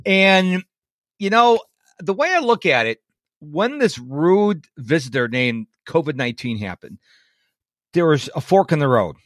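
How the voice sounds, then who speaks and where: A man in his fifties hosting a podcast interview, energetic and joking. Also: a little high, measured pace, no room sound, clean studio sound. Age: 50s. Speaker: podcast host.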